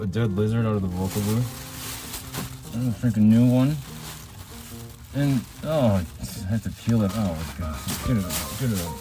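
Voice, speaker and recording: A man's voice: lowish voice, measured pace, pauses often, over music. An older man hosting his own podcast from a makeshift vocal booth, talking in a loose, rambling way, jumping between topics and chuckling often. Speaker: podcast host. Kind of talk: casual rambling podcast monologue.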